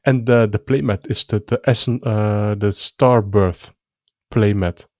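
Man, co-host, casual chat, halting, restarts, deep voice. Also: fairly even intonation, a little mellow, dry recording, studio quality.

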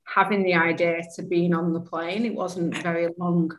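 A woman with a Manchester accent talks as a guest over a video call. Her voice sits on the low side, and her manner is chatty and self-deprecating, often breaking into laughter. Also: little pitch movement, normal speed, low-quality recording. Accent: English, Manchester. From Manchester, England. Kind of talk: casual conversation.

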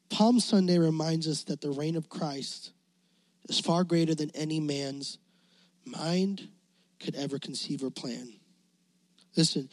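Man, preacher, impassioned sermon, high-pitched, dry close sound. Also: no room sound. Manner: impassioned preaching, rising to near shouting. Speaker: youth pastor.

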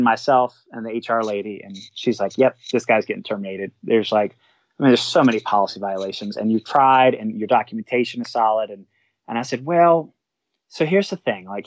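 A man's voice: medium pitch, no room sound, highs cut off. A man, a fire department supervisor, telling a work story in a casual way and acting out the quoted dialogue. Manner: animated, acts out quoted dialogue.

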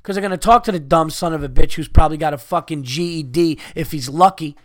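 A man's voice: fairly high pitch, fast, no echo, clean studio sound. A man in his thirties telling a heated, profane story as a podcast host, ranting and swearing. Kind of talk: angry storytelling rant.

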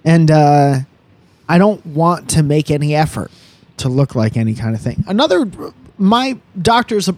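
A man's voice: on the high side, expressive, normal speed, darkish tone. A young man co-hosting a casual podcast, rambling and joking with crude, profane humor. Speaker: podcast co-host.

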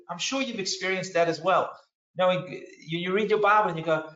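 A man's voice: high voice, a little fast, bright, forceful tone, roomy sound, muffled recording. A man preaching a sermon as pastor, earnest and emphatic, often restarting his phrases.

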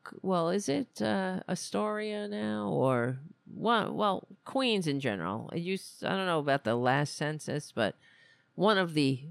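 Blunt, rambling podcast host with a gravelly voice. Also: mid-range voice, no echo. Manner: blunt, rambling, with many restarts. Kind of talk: casual political commentary. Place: lives in Queens, New York.

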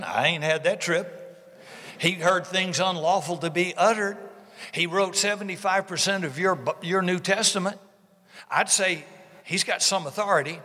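Male pastor, sermon delivery, folksy and emphatic, bright and forceful, reverb of a large church. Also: fairly high pitch. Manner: folksy, emphatic preaching with repeated phrases. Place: church sanctuary.

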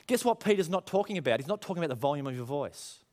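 Aussie pastor guy preaching, lively, lots of rhetorical questions, does little voices. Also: fairly high pitch, rapid-fire. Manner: animated, rhetorical questions, acts out quoted voices. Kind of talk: sermon.

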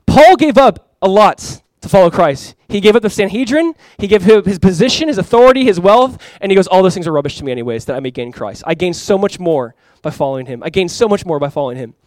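A man's voice: high-pitched, animated, fast, hardly any pauses, a little mellow, no echo. A man preaching a sermon as pastor, conversational and emphatic, talking to the congregation and inviting them to respond. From California.

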